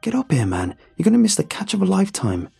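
Man voicing a brash young angler, demanding, raised pitch, husky edge. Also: huge pitch swings, quick pace, mellow, faint music behind, heavily acted. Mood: eager. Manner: pushy, demanding. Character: brash impatient young male fishing client.

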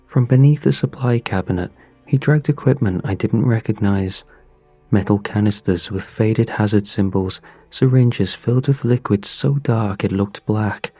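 A man narrating a scripted horror story in a measured, somber way. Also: fairly low pitch, warm tone, no room sound.

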